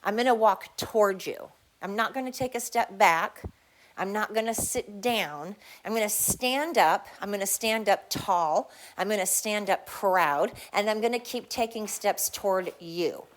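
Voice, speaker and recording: A woman's voice: mid-range voice, a little slow, slight background noise. A woman hosting her own podcast, delivering a heated, blunt, profane solo rant with emphatic repetition. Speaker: podcast host.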